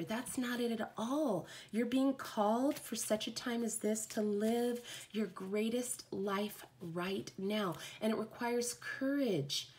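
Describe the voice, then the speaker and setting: A woman's voice: on the high side, slow, a little mellow, slight background noise. A woman giving a heartfelt, rambling live oracle card reading.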